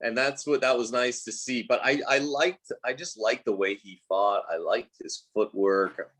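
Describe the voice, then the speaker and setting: A man's voice: mid-range voice, normal speed, a bit bright. A man co-hosting a boxing podcast in casual sports chat, easygoing and agreeable.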